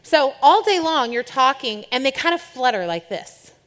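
A woman's voice: sits high, very animated, normal speed, fairly bright tone. A young adult woman, a worship leader, giving a candid, informal talk to a church group. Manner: chatty and candid, shifts into playful quoted voices. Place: church or event hall with an audience. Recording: long hall reverb.

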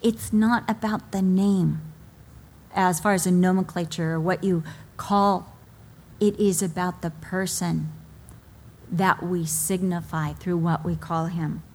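A middle-aged woman preaching a sermon. She speaks with emotion, mixes stories about her children into her teaching, and slows down to stress key phrases. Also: lowish voice, steady tone, a little mellow, breathy edge. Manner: slow, deliberate emphasis on key phrases.

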